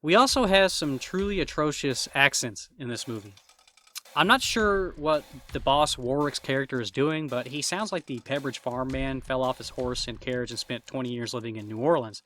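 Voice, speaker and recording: A man's voice: medium pitch, moderate pace, a bit bright. A man giving a wry, jokey scripted review of a horror movie, rambling at times. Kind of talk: casual scripted review narration.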